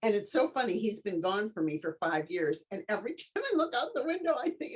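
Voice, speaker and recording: A middle-aged woman, an author and tutor, telling a story as an interview guest in an animated way and acting out the voices of the people in it. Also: mid-range voice, brisk, hardly any pauses, slightly rough.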